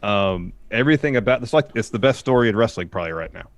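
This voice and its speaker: Man, low voice, dry close mic, gushing wrestling co-host. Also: lively intonation, fast, no echo. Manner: enthusiastic, gushing praise. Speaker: podcast co-host. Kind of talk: casual wrestling review chat.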